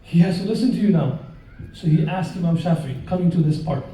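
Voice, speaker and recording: A high-voiced male preacher, talking fairly quickly, gives a live sermon full of storytelling in an echoing hall. He's a lively storyteller who questions and jokes with the audience, and the recording is very roomy, with his voice far from the mic.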